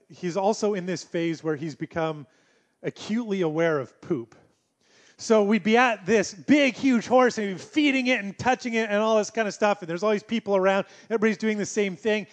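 A male pastor delivering a sermon in a conversational, storytelling way with gentle humor. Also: high voice, a little fast.

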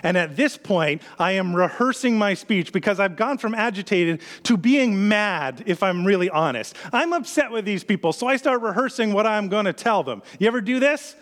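A man in his thirties, a pastor, telling a personal story in a conversational sermon style and building tension with quick repeated phrases. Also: high-pitched, lively intonation, a bit bright. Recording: long hall reverb.

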